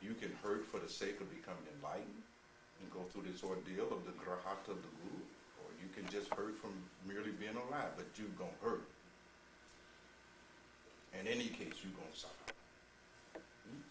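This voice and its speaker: Man preaching with sudden laughing outbursts. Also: background noise. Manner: swings from low, measured lines to loud, laughing exclamations; addresses listeners as "beloved", asks "you see?". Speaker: spiritual teacher. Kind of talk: sermon. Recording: roomy, distant mic with faint ambience.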